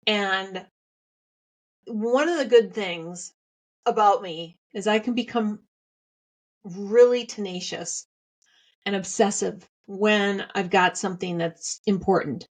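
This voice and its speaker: A woman's voice: mid-range voice, vocal fry. A middle-aged woman hosting a podcast, candidly telling a personal story and repeating phrases for emphasis. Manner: candid and heartfelt. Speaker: podcast host.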